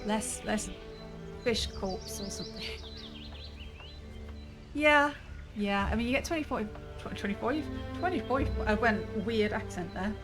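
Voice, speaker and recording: Woman streamer, chatty and musing, mid-pitched, over game music. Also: a little slow, long pauses. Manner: chatty, musing aloud, frequent laughs. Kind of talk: casual gameplay commentary. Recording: game music playing behind.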